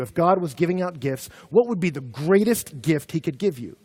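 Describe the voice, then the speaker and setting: A young man preaching a sermon to college students, lively and animated, building up to shouting when he retells stories. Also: on the high side, normal speed, no room sound. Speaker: pastor. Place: campus ministry gathering.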